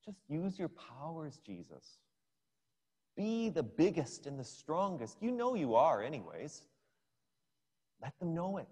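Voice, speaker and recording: A man voicing the devil as a slow, persuasive male tempter. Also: on the high side, darkish tone, husky, voice pushed up, heavily acted. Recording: long hall reverb.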